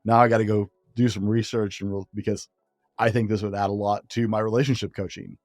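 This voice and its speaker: A low-voiced male podcast host, a relationship coach, asking his guest questions. He talks casually and circles back over his words. The sound is dry with faint music underneath. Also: flat delivery, brisk, darkish tone, dry recording. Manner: conversational, searching, repeats himself. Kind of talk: interview questions.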